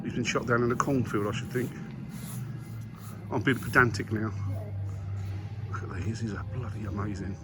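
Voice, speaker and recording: A vlogger with a lowish voice talks at normal speed, with long pauses, as he walks around museum grounds and aircraft halls. Filmed on a handheld camera, he chats enthusiastically to viewers in casual commentary. The background ambience is noisy.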